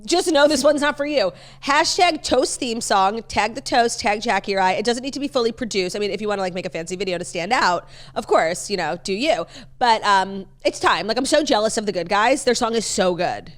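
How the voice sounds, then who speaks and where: A pregnant woman co-hosting a casual chat podcast, animated, laughing often and swearing casually. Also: mid-range voice, a little fast. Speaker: podcast co-host.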